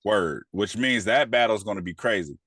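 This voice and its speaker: Animated man retelling a TV episode. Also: fairly low pitch, moderate pace, dry recording. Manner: animated retelling, acting out characters' lines; profane, loose slang. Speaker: podcast co-host. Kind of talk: casual TV review chat.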